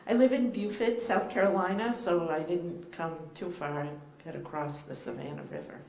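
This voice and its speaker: A woman's voice: on the low side, fairly even intonation, normal speed, darkish tone. A woman with a Boston accent giving a playful, teacherly sermon as a guest rabbi, with frequent ums and uhs. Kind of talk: informal sermon to a congregation. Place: church sanctuary. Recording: echoey room, faint background noise.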